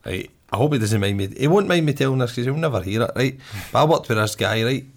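A man's voice: medium pitch, expressive, fast talker. A man with a Glaswegian accent telling a story in casual chat, laughing often and swearing freely. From Glasgow, Scotland.

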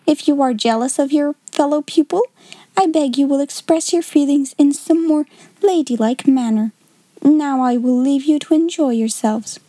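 A woman's voice: high-pitched, a little slow, dark tone, no echo, pitched above the performer's own voice. A woman voicing a stern, prim middle-aged headmistress who speaks in cold, precise formal phrases. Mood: scathing.

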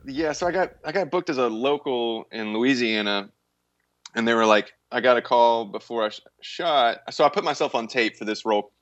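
A man's voice: mid-range voice, normal speed, dry recording, lo-fi sound. A man guesting on a podcast tells stories in a loose, rambling way, often stopping and restarting his sentences. His voice sits mid-range. It is recorded close in a dry, dead room. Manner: rambling, animated storyteller with many restarts. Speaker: guest, actor and musician. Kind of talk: casual podcast chat.

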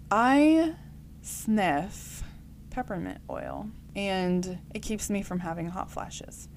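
Chatty, rambling woman in her forties. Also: mid-range voice. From United States. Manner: chatty, rambling, self-correcting. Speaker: vlogger. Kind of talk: casual storytelling.

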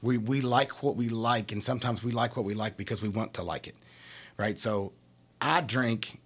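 A man's voice: lowish voice, moderate pace, breathy edge. A man from Kentucky from a craft brewery, explaining beer in casual chat and asking lots of rhetorical questions.

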